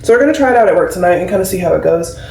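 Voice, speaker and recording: A woman's voice: fairly low pitch, rapid-fire, creaky, a little hiss or hum. A young woman in her twenties, a nurse, talking casually and animatedly to her camera while getting ready at home. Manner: chatty, animated storytelling with lots of fillers. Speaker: nurse and vlogger. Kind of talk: casual vlog chat. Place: indoors at home, doing her hair. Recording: roomy and a bit distant.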